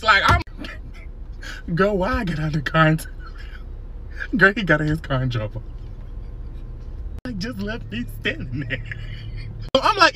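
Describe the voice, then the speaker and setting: A young man, telling comedic stories and skits in a sassy, animated way. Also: sits high, normal speed, noisy background. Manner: animated, sassy, switching into character voices. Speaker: comedy skit creator.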